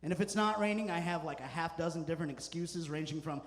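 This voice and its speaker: A man's voice: a little high, quick pace, a little hiss or hum. Stand-up comic man, echoing club. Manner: deadpan storytelling with punchy asides. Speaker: stand-up comedian. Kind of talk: stand-up comedy set. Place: comedy club stage.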